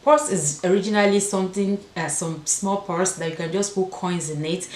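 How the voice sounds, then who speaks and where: A woman with an African accent chatting to camera in a casual vlog, her voice sitting a little low. She repeats words for emphasis, and the room gives her voice a noticeable echo. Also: normal speed. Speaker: fashion vlogger.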